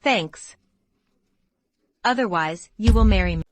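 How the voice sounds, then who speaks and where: A woman's voice: medium pitch, slow, natural voice. A woman dubbing a distressed eighteen-year-old woman in an English dub of a drama, speaking in a pleading way. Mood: hopeful. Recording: dubbed dialogue over music.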